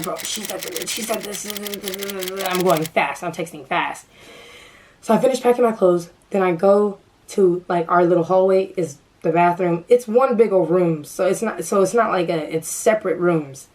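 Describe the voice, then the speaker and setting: A woman's voice: lowish voice, moderate pace, a little mellow, rough recording. Young woman vlogger, casual storytime to camera, nervous with frequent stutters and restarts. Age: young adult.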